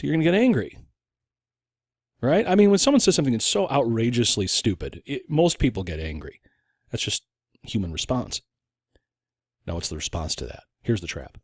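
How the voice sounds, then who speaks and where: Lively, expressive male podcast host. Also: mid-range voice, moderate pace, long pauses, dry recording, clean studio sound. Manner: animated, with frequent restarts and acted-out quotes. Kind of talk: casual opinion podcast monologue.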